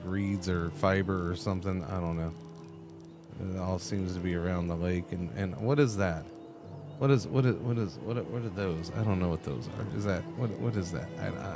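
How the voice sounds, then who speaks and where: A man streaming a game, chatting casually and answering his chat, rambling and stumbling over repeated words. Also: low voice. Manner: talks back to chat messages.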